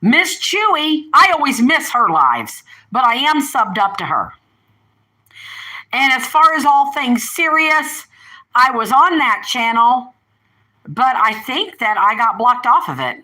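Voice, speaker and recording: A woman's voice: high voice, sing-song, slow pace, pushed and bright, rough recording. An older woman hosting a casual live stream, rambling and chatty, often breaking off to talk to her pets and family. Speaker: livestream host.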